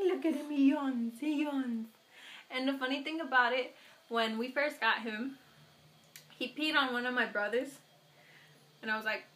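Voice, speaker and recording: Bright, high-voiced young woman vlogger. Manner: playful, animated, slips into baby talk with her dog. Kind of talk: casual chat to camera.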